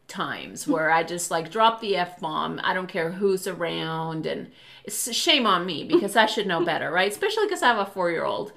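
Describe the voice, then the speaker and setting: A woman in her thirties with a bright, forceful voice tells family stories at an unhurried pace. She is animated and breaks into laughter often as she hosts a casual chat. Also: fairly low pitch, vocal fry. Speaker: podcast host.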